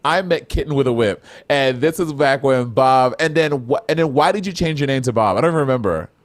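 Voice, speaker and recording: A man's voice: mid-range voice, a little fast. Teasing male podcast co-host. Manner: teasing, profane banter. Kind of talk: casual chat.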